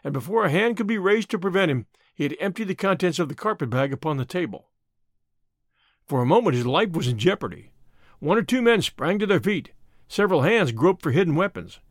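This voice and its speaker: A man narrating a classic short story in an expressive storytelling manner. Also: a little high, fairly quick, no echo, clean studio sound.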